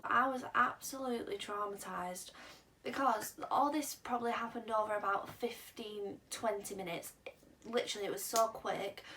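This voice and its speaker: A woman's voice: mid-range voice, fairly bright tone. A young woman telling a personal story in a chatty, rambling vlog style, full of "um" and "like". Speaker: vlogger. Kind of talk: casual storytelling. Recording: slightly distant mic, faint background hiss.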